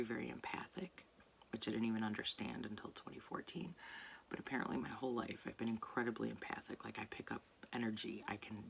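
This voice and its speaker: A woman talking casually to camera late at night in a soft voice that often drops to a near whisper, rambling and searching for words. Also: extremely low pitch, gravelly, slight background noise. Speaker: artist vlogger. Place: home at night.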